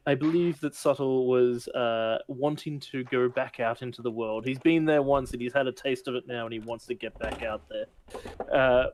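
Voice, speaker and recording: A man's voice: medium pitch, moderate pace, a little mellow, slight background noise. A man casually recapping the last session of a tabletop game, rambling with many fillers and laughs. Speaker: game master.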